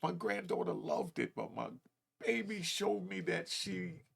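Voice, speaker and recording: A man's voice: sits high, very animated, a little slow, gravelly, fairly bright tone. A man in his fifties telling a raw, emotional personal story in casual street slang, close to tears. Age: 50s.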